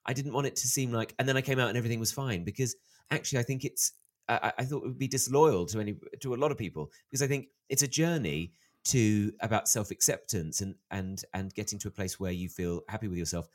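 A man in his thirties, an author being interviewed, telling stories in a lively way and acting out the voices of the people he quotes. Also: lowish voice, fast talker. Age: 30s. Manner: animated storyteller, acts out quoted voices. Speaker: author guest. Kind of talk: interview conversation.

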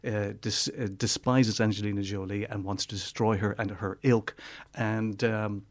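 A man giving a film review on a radio show in an animated way, often repeating words as he searches for the next one. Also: fairly low pitch, normal speed. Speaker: movie reviewer.

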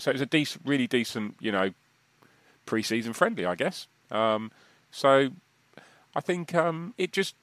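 A man co-hosting a football podcast, speaking with hesitant restarts before getting animated about his views. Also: medium pitch, dry recording. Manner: hesitant starts, then animated opinions. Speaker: podcast co-host. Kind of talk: casual podcast chat.

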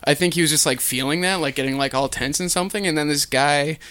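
Young man, podcast co-host, casual anecdotes, slightly raised pitch, dry close mic. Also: fast talker, clean tone, no echo. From Alberta, Canada. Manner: animated, acts out quotes loudly. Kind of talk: casual chat.

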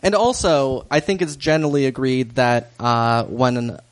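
A man's voice: mid-range voice, fairly even intonation, normal speed, poor audio. A man hosting a casual podcast chat, recapping a story with filler ums and easy chuckles. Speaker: podcast host recapping an episode.

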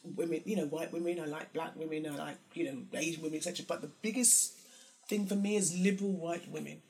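A woman speaking candidly in a conversation, animated and acting out others' words in voices. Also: fast. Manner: animated, acts out quotes in high mocking voices.

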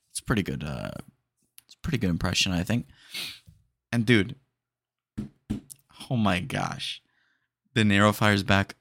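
A man with a low, gravelly voice chats casually as a podcast host, rambling with excited enthusiasm and tossing in "dude" every few lines. The sound is close and dry, with no room around it. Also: a little slow, long pauses, dry recording. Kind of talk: casual chat.

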